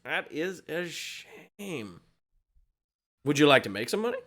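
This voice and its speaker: Give me a portly, smooth-talking egg merchant, put on by a man in a tabletop game. He wheedles and flatters in a bright voice that swings up and down. Friendly on the surface, always angling for a favor. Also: fairly high pitch, takes it slowly, exaggerated voice. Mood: schmoozing. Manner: chummy, wheedling salesman talk.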